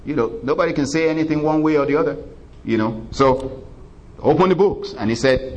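A preacher in a sermon with a fairly high voice for a man. He retells scripture in a folksy, chatty way. He chuckles often and drops "you know" asides between lines. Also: fairly quick, highs cut off.

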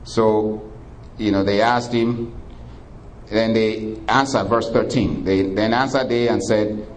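A male preacher telling a story in a sermon, animated and conversational, laughing often and breaking into exclamations of praise. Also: on the low side, slow pace, slight background noise. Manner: conversational, many fillers.

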